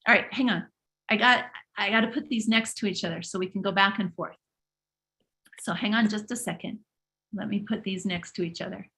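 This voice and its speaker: A woman running a live motivational stream speaks at a moderate pace, her medium-pitched voice a bit bright. She drives her points home preachily, often repeating words and starting over.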